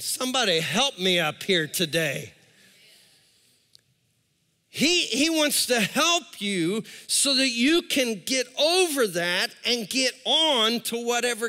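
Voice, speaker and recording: A man's voice: sits high, sharp tone, in a large hall. A man preaching a sermon as pastor, talking animatedly, repeating words and calling out to the congregation.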